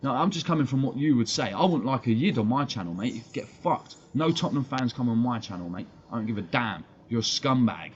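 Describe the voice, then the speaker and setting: A man with an English accent, worked up and swearing freely as he rants to his live-stream chat. His voice sits at an ordinary middle pitch. The stream audio sounds dull and lo-fi, with faint noise behind him. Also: expressive, fast talker, hardly any pauses. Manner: blunt, profane, worked-up, talking to chat. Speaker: fan channel streamer. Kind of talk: heated live-stream rant.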